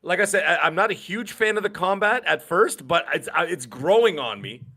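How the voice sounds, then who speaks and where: A man co-hosting a gaming podcast in casual chat, excitable and given to acting out lines from games. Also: sits high, a little fast. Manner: excitable, acts out game characters' lines. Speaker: podcast co-host.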